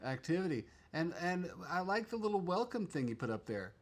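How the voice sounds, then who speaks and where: A man's voice: high voice, very animated, a little fast. A man hosting a casual livestream from a home studio, chatting loosely, trailing off and restarting his sentences. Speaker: livestream host.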